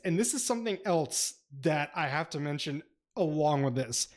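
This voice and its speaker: A man's voice: a little high, moderate pace. Laughing, profane man with a raised voice. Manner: laughing, profane, animated retelling. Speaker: podcast co-host. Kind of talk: casual book club chat.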